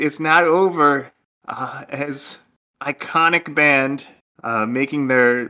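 A man with a medium-pitched, bright, forceful voice co-hosts a casual comedy podcast. He's playful and joking, and often breaks into laughter.

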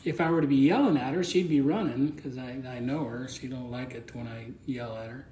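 A man's voice: mid-range voice, a little fast, warm tone, reverberant. A man preaching a conversational sermon as pastor, plain-spoken and folksy, often repeating words as he thinks aloud.

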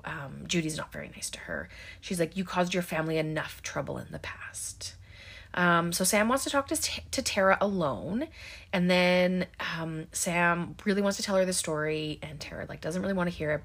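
A woman casually recapping a horror movie plot, chatty, with lots of ums and likes, slipping into quick quoted lines. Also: lowish voice, a bit bright.

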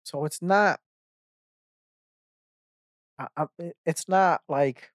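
A man's voice: on the high side, takes it slowly, dry recording, studio quality. A young man hosting his own podcast, rambling through a profane, self-mocking solo rant with lots of restarts. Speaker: podcast host.

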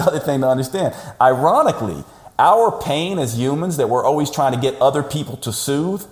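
A man speaking as a podcast guest over a call, telling a story in an animated, emphatic way. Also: mid-range voice. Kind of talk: conversational storytelling. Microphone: remote call audio. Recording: roomy, echoey sound.

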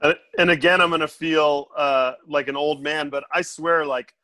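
A man's voice: on the high side, steady tone, normal speed, sharp tone, dry recording. A man who teaches, a podcast guest chatting casually and cracking wry jokes. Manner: joking, wry zingers.

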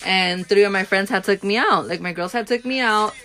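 A young woman tells a story on a podcast, frank and animated, with swearing. Her pitch sits in the middle for a woman. Faint music runs under her voice. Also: brisk. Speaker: podcast co-host. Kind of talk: casual chat.

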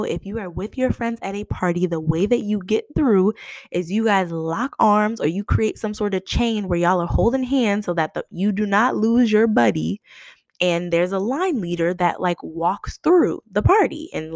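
A woman's voice: mid-range voice, darkish tone, dry recording. A young woman casually telling a story, acting out the quoted lines with big jumps in her voice.

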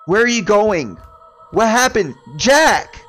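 A man voicing a terrified young wife who pleads and shouts in a frantic manner, over background music. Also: very high voice, slow, pitched above the performer's own voice, exaggerated voice. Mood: frantic pleading.

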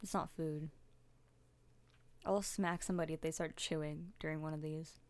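A woman's voice: low voice, fairly even intonation, normal speed, darkish tone. A young woman co-hosting a podcast in casual chat, chatty and self-deprecating. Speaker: podcast co-host.

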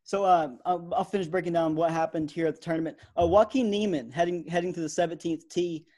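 A young man in his twenties co-hosting a podcast, chatting in a relaxed way with lots of fillers. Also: on the high side, fast talker. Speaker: podcast co-host. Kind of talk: casual sports podcast chat.

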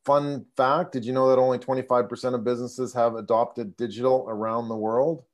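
A man's voice: mid-range voice, little pitch movement, brisk. A man giving a polished self-introduction as a digital marketing agency owner on a video call. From Canada.

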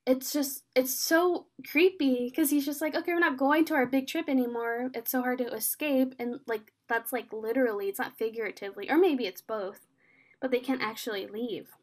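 High-voiced chatty woman. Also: normal speed. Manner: animated, filler-heavy retelling with quoted lines. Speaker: podcast co-host. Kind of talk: casual chat recapping a TV episode.

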